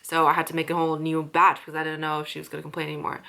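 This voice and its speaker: Young woman vlogger, lower register, frustrated profane rant about her server job. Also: completely flat delivery, very fast, vocal fry, sharp tone. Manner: frustrated ranting, heavy swearing and fillers. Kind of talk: casual chat.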